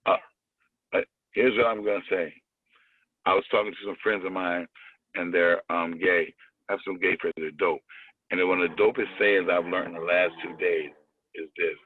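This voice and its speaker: A man's voice: deep voice, fairly even intonation, moderate pace, no room sound. Rambling slangy man on a phone line. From Springfield, Massachusetts. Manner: slangy, rambling, repeats himself. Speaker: guest comedian calling in. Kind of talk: casual chat. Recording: tinny dry phone line.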